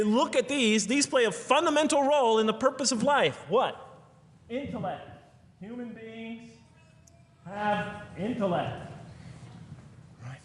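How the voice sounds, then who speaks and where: A man with a fairly high voice gives an earnest, reflective lecture, pressing his points with growing emphasis. The sound carries a long reverb, as if recorded in a large lecture hall. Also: a bit bright.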